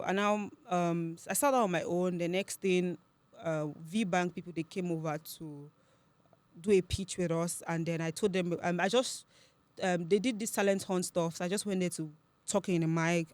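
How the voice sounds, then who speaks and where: A young woman with a Nigerian accent, a podcast guest telling her story in a lively, chatty way. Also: fairly low pitch, dry recording. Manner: chatty, animated storytelling with quick laughs. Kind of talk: casual interview chat.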